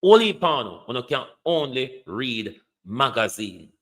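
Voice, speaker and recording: Jamaican guy ranting politics on a stream, mocking and scolding, bright sharp voice. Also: mid-range voice, very animated, a little slow. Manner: scolding, mocking, drops into patois. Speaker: political commentator. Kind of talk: livestream political rant.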